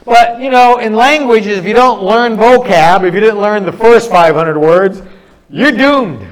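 A middle-aged man delivers a sermon in a notably high voice. He speaks earnestly, leaning on stories and drawing out phrases with pauses between them. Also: rough recording. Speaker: preacher.

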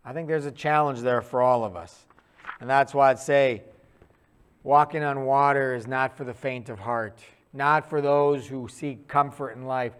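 A man preaching a sermon in a conversational, animated storytelling way, acting out quick asides. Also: medium pitch, smooth.

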